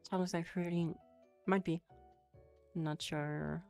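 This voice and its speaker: A woman's voice: fairly low pitch, fairly even intonation, slow pace, gravelly, a little mellow. A woman streaming a casual Japanese lesson on a headset, answering chat with giggles and swearing. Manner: giggly, swears, chatty and loose. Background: faint music playing.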